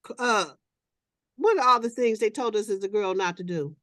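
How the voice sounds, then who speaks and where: A woman's voice: fairly high pitch, dry recording. A reflective woman host with a dry, close voice. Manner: reflective, measured, then conversational and animated. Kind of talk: reading a passage, then casual group chat.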